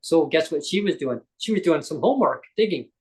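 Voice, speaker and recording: A man's voice: on the high side, lively intonation, fairly quick, a little mellow, poor audio. A man, a guest on a live interview show, tells a personal story in a rambling way, often correcting himself and acting out quoted dialogue.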